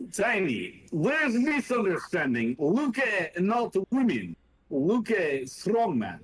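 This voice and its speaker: A man's voice: high voice, wildly swooping pitch, slow pace, husky, heavily acted, poor audio. A man voicing a blunt, simple-spoken male warrior who talks proudly in broken English, as a player in a tabletop game.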